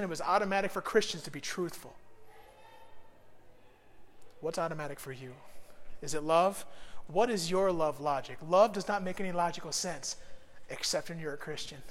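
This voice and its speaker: A middle-aged man preaching a sermon, telling stories with animated swings between soft and loud delivery. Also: sits high, big-room sound. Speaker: pastor.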